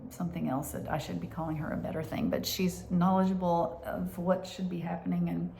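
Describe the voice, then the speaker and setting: A woman telling a personal story in a halting way, with many restarts and hushed asides. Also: on the low side, fairly even intonation, vocal fry, slight background noise. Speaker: vlogger.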